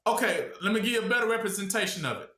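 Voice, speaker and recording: A man's voice: sits high, animated, rapid-fire, pushed and bright. A man teaching a small gathering in a loose call-and-response style, firing off rhetorical questions for them to answer, in casual everyday speech. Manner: rhetorical questions, congregation fills the blank. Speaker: preacher. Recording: echoey room.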